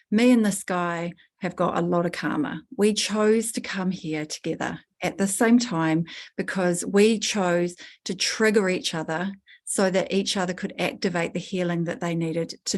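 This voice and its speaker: A woman leading a spiritual workshop, coaching a participant in an earthy, animated way, laughing and swearing casually. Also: lowish voice. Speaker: workshop leader.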